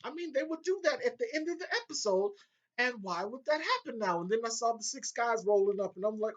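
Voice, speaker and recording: A man recapping a TV episode in a casual, excitable way, swearing often and breaking into laughter. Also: very high-pitched, brisk. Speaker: video reviewer. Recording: dull lo-fi home audio.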